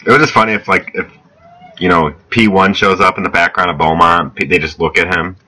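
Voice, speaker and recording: A man co-hosting a podcast in casual chat, joking and halting, with many restarts. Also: deep voice, steady tone, pushed and bright. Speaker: podcast co-host.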